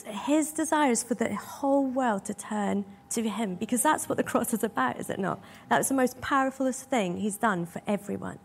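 A woman's voice: fairly high pitch, normal speed, gravelly, hardly any pauses, breathy edge. A woman preaching a sermon in a church hall, earnest and emotional, asking her listeners many rhetorical questions.

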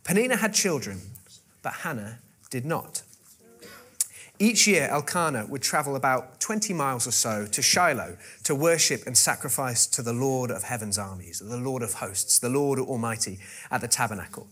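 A man's voice: medium pitch, expressive, moderate pace, fairly bright tone, slightly rough. A man preaching a sermon, retelling a scripture story with wry joking asides and frequent fillers and restarts.

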